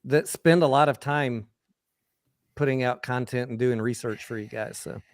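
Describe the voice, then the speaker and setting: A man's voice: mid-range voice, normal speed, dry recording, studio quality. A man hosting a casual live stream, upbeat and reading viewer chat aloud. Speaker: livestream host.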